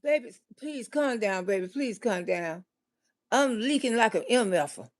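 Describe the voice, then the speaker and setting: A sheepish boyfriend pleads softly and keeps calling her baby, as a woman comedian acts him out in her story. The voice stays high and gravelly, with a begging, hushed manner. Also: animated, normal speed. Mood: pleading. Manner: soft, begging, repeats "baby".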